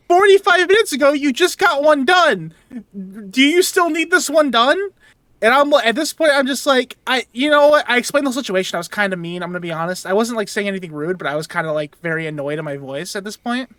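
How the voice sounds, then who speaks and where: A young man, a podcast co-host, telling a story in casual chat, animated and swearing as he vents. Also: high-pitched, no room sound.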